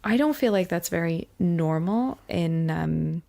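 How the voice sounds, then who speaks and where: A woman's voice: lowish voice, animated, a little slow, gravelly, warm tone. A woman from Ireland, co-hosting a podcast and retelling a true mystery case in a rambling, chatty way full of fillers and restarts. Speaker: podcast co-host.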